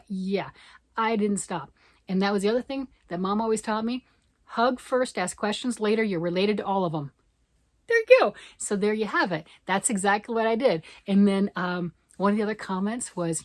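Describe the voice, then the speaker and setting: A woman from Michigan, a yarn vlogger chatting excitedly and fast to camera, rambling off on tangents. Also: mid-range voice, no room sound. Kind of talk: casual chat to camera.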